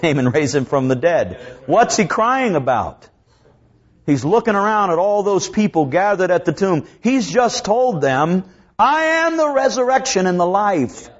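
A man preaching a sermon, reading scripture slowly and swinging between raised, urgent lines and low, hushed ones. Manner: preaching with dramatic rises and drops; slows down to draw out scripture quotes. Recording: dull lo-fi recording.

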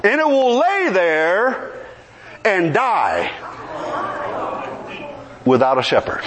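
A man delivers a sermon in a high voice that swings widely in pitch. He tells stories with humor and then presses his points home with emphasis. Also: very slow, a crowd in the background. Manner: animated storytelling with humor, rising to emphatic preaching. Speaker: preacher. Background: congregation responding.

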